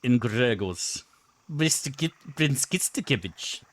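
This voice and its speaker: A man's voice: mid-range voice, lively intonation, takes it slowly. A man casually commenting on his gameplay for viewers, joking and crude. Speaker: streamer.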